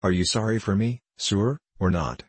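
A man's voice: on the low side, moderate pace, slightly rough, no echo. A man voicing a drunken, self-pitying middle-aged former clerk in an audiobook, rambling and pleading, rising to fervent declaiming. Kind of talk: audiobook character reading.

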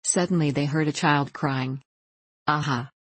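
A woman reading a storybook aloud in calm, measured audiobook narration. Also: low-pitched, dry recording. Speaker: reader.

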